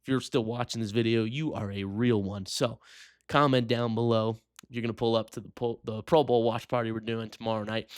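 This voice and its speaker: A man's voice: mid-range voice, steady tone, brisk, clear, resonant tone, no echo, studio quality. A man hosting a sports news show, chatting casually and joking with viewers as he talks. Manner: chatty, jokey, addresses viewers directly.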